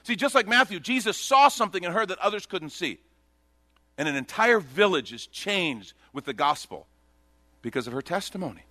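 Animated pastor preaching with bright tone. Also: male voice, high voice, normal speed, no echo. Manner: animated storytelling, voicing Bible characters in quotes. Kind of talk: sermon.

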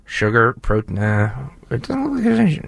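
A man's voice: medium pitch, wildly swooping pitch, normal speed, gravelly, fairly bright tone, slightly rough, dry recording, clean studio sound. A man co-hosting a morning radio show in a laid-back, wry casual chat. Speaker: radio co-host.

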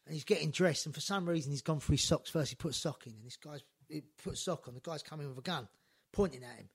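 A man telling lively stories in casual chat, acting out quotes, swearing and laughing. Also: a little high, fast talker, creaky, husky. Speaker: podcast guest storyteller.

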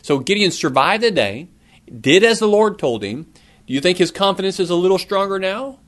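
Earnest preaching man, fairly high voice. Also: lively intonation, normal speed, a bit bright. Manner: earnest, asks the listeners questions. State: coughing now and then. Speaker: pastor. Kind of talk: sermon.

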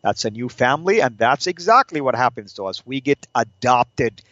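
A man's voice: medium pitch, animated, fairly bright tone, dry recording. Earnest man teaching scripture, muffled dry sound. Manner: earnest, preacherly, rhetorical questions, slows for emphasis. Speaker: host of a Christian teaching show. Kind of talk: Bible teaching talk.

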